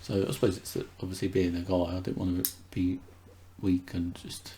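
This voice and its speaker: A man being interviewed, talking candidly and haltingly with many restarts. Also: low voice, monotone, dark tone, a little hiss or hum. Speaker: interview guest. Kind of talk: candid conversation.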